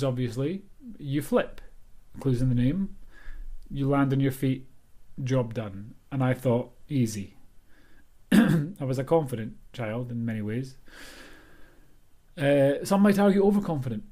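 A Scottish author talks alone on his own podcast in a casual monologue, rambling, chatty and self-deprecating. His voice is fairly high with a darkish tone.

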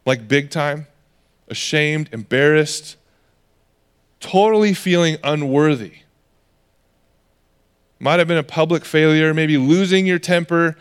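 A man's voice: a little high, takes it slowly, pauses often, clear, resonant tone. A man preaching a sermon in a conversational way, acting out the voices of people in the stories he tells. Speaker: pastor.

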